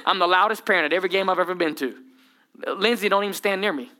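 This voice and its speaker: Lively preacher man, bright voice. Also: high-pitched, rapid-fire, a little hiss or hum. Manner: lively preaching with humor and dramatic voice drops. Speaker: pastor. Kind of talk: sermon.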